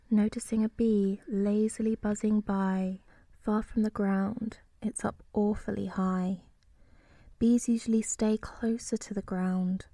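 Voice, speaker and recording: Woman narrator, whispered role-play, dry close mic, flat gentle whisper. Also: mid-range voice, no echo. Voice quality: soft whispering. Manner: slow, soothing rhyming narration. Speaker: sleep story narrator.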